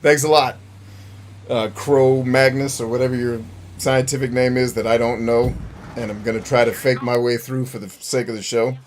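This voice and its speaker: A man's voice: medium pitch, flat delivery, normal speed, a little hiss or hum. A man hosting a gameplay stream, joking, rambling and talking to his chat. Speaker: gaming streamer host. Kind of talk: casual gameplay commentary.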